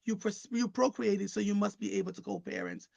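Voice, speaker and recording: A woman hosting a live online talk show, chatting with viewers and guests in an animated, conversational way and often repeating words as she starts a thought. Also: medium pitch, fairly quick, creaky, dull audio. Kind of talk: casual livestream talk.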